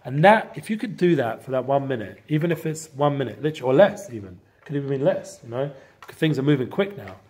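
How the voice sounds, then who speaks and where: A man giving a casual inspirational talk to a group, rambling with many fillers and breaking into sudden loud bursts. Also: mid-range voice, sing-song, fast, a little hiss or hum. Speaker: guest speaker.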